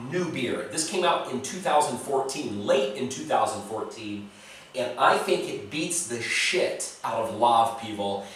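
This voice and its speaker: A man's voice: mid-range voice, a bit bright, far from the mic, slight background noise. An American man reviewing beers in a casual vlog, blunt and profane, talking straight to the viewer, in a home recording. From United States. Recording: very echoey room, voice a bit off-mic.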